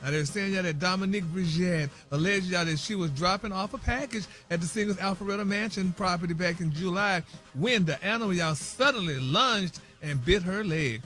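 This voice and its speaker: High, bright gossipy man reading celebrity news. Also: brisk. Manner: animated and gossipy, says "y'all" and "honey" constantly. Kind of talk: radio morning show news segment.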